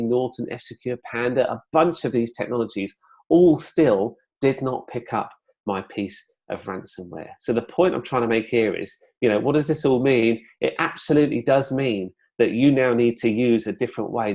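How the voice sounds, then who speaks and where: Man presenting a webinar. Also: mid-range voice. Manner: conversational, relaxed, uses many fillers and asides.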